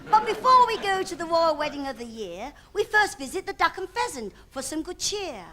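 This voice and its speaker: A woman's voice: extremely high pitch, big pitch swings, normal speed, pushed and bright, slight background noise. A woman narrating a pantomime show in sing-song rhyming couplets.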